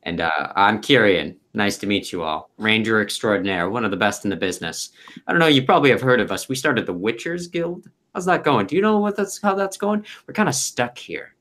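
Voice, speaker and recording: A man's voice: on the low side, expressive, brisk, fairly bright tone. A man voicing the ghost of a boastful, foul-mouthed wood elf ranger.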